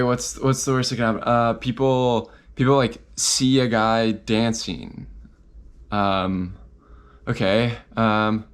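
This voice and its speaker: A young man telling a personal story in a vlog, animated and full of fillers, acting out his own nervous inner voice. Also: fairly low pitch. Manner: many fillers and restarts.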